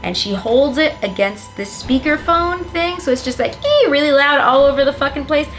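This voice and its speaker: Woman, young adult, high-ish voice, sarcastic, swears constantly, rambling comedic recap. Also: moderate pace, a bit bright, faint music behind. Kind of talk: profane comedic plot summary.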